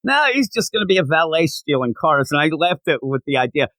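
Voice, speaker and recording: A man on a podcast talking in a lively, swinging voice that climbs fairly high. He rants casually and drops into quick mocking impressions of characters. The sound is close and dry. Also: no echo, low-quality recording. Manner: animated, mocks characters with quick put-on quotes. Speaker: podcast co-host. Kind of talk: casual comic book discussion.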